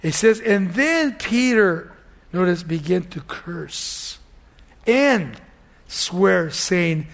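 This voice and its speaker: A man preaching as a pastor, retelling scripture with animated storytelling and acting out the scenes, and closing in a quiet prayer. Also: high voice, unhurried, vocal fry. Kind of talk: sermon.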